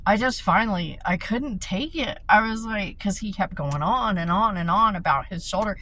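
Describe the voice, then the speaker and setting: A woman's voice: mid-range voice, expressive, moderate pace, bright, forceful tone, slight background noise, rough recording. A tired middle-aged woman venting in a rambling, profane monologue from inside a car, recorded on a phone. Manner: rambling, profane, laughs between thoughts. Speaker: vlogger.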